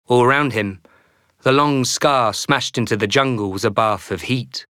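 A man reading a novel aloud as a narrator in a measured, expressive storytelling manner. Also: mid-range voice, no echo, studio quality. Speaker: audiobook narrator. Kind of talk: scripted narration.

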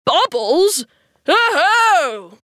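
A woman's voice: very high voice, extremely slow, no room sound, clean studio sound, voice pushed up, full character voice. A woman voicing a chatty, self-assured male river rat in a storybook reading. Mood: hearty. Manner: lively, sure of himself, gives advice.

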